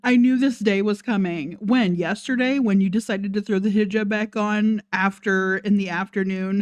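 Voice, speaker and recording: A woman's voice: mid-range voice, a little mellow, no echo. A woman giving sarcastic reaction commentary, laughing between her points. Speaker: commentary host.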